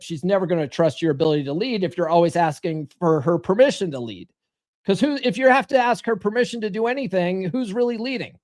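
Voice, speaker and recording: A man's voice: high-pitched, a little mellow. A man hosting a live-stream advice show, talking bluntly and coaching his listeners, often acting out quoted lines. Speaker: podcast host.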